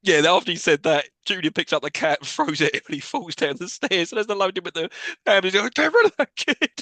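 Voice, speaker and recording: A man's voice: high-pitched, fast, sharp tone, no room sound. A man co-hosting a podcast, recapping a film in casual chat and laughing often as he goes. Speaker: podcast co-host.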